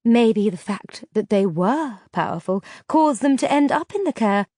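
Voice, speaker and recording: A woman reader voicing a powerful sorceress who speaks slowly and calmly. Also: a little high, no echo, studio quality. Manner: slow, calm, measured. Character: calm, cold, powerful older sorceress.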